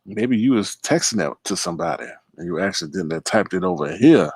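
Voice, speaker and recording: A man's voice: sits low, animated, a little fast, darkish tone, slightly rough, dry recording. A man hosting a late-night livestream, chatting casually, greeting viewers by name and rambling through asides. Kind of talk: casual live-stream commentary.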